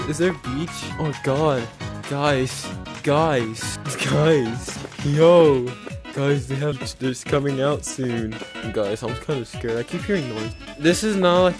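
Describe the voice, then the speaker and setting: A man giving gameplay commentary as a gaming YouTuber, jumpy and prone to yelps and screams when startled. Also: medium pitch.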